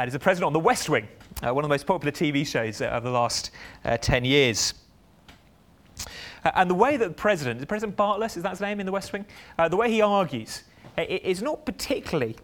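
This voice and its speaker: A man speaking to an audience, reading an article aloud and commenting in a conversational way with frequent hesitations. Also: medium pitch. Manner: conversational, many ums and uhs.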